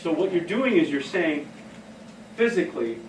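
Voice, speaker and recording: A man with a fairly high voice runs a training workshop, telling stories in a casual, self-mocking way. He is picked up from across an echoey room. A faint hum of room noise sits behind him. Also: big pitch swings, normal speed. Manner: casual, anecdotal, laughs at own stories. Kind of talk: workshop talk. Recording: echoey room, heard from a distance.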